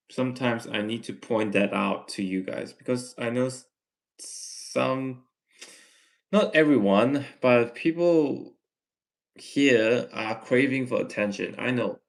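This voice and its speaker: A man with a Malaysian English accent, reading chat messages aloud on his livestream and answering them in a gently lecturing way. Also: mid-range voice, gravelly. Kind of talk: casual live chat Q&A.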